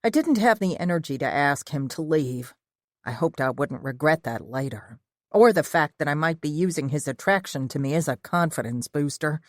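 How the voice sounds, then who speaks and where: A woman narrating a first-person audiobook in a steady, measured reading voice. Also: deep voice, dry recording, clean studio sound.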